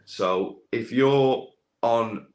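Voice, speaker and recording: A medium-pitched male voice draws out its words. The young speaker, a landscaping business owner with a social media following, chats casually as a podcast guest, rambling through fillers and restarts.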